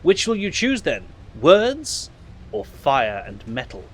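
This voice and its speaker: A man's voice: fairly high pitch, wildly swooping pitch, slow pace, exaggerated voice. A man voicing a scornful gang kingpin who greets his enemies with theatrical grandeur. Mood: mock welcoming.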